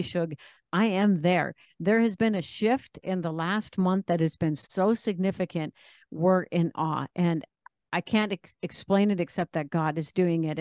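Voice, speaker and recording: A woman's voice: on the low side, darkish tone, no room sound. Earnest woman author, dry close sound. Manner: earnest, vivid storyteller. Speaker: author and radio host. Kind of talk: faith interview, personal testimony.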